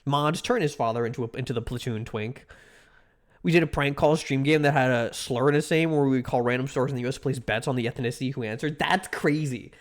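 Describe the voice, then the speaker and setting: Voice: mid-range voice, fast. A livestreamer chatting casually with viewers, rambling with many restarts and filler words.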